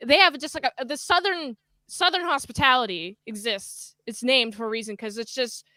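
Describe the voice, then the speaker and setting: A woman's voice: a little high, normal speed, bright, forceful tone, dry recording. Rambling woman in casual chat. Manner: rambling, lots of fillers like "like".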